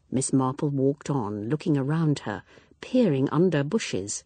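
A woman narrating a mystery novel in a measured, expressive storytelling voice. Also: very deep voice, breathy edge, no echo. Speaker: audiobook narrator. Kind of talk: scripted narration.

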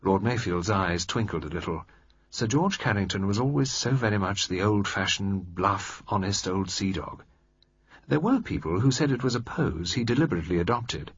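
A man narrating an audiobook in a steady, measured reading style. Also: fairly low pitch, breathy edge, dry recording. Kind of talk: scripted narration. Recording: dry, slightly dull recording.

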